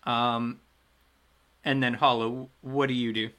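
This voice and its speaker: A man acting as game master for a tabletop game, unhurried and easygoing. His voice is bright and forward. He narrates in a loose, chatty way, trailing off and picking his thread back up. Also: mid-range voice, flat delivery.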